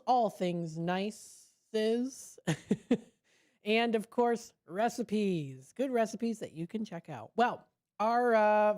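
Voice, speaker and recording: A woman radio host chats through a food segment in an easygoing, upbeat way, quick to laugh at her own puns. Her voice sits at an ordinary pitch with a mellow, warm tone. She is close on a studio microphone. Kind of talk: casual radio chat segment.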